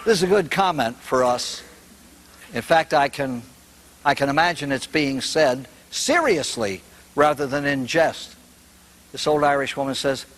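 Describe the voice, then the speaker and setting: A man's voice: mid-range voice, a little slow, a bit bright. A man who is a priest, giving a humorous recovery talk as a folksy storyteller who laughs at his own jokes.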